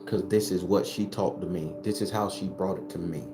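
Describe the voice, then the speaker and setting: A man's voice: low-pitched, steady tone, brisk. A man, giving a blunt, profane personal testimony to his viewers. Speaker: spiritual video host. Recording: roomy echo with music behind.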